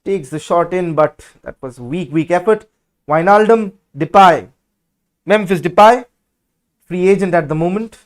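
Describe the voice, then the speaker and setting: A man hosting a football watch-along, giving live match commentary in an excitable, blunt and outspoken way. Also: high-pitched, a little slow.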